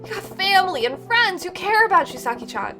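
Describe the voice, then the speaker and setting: A woman's voice: extremely high pitch, big pitch swings, a little fast, sharp tone, soft background music, voice pushed up, exaggerated voice. Woman reading as a blunt tough yakuza man. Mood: gruff, caring. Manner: blunt, scolding, streetwise. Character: brash protective male yakuza boss, tough-talking.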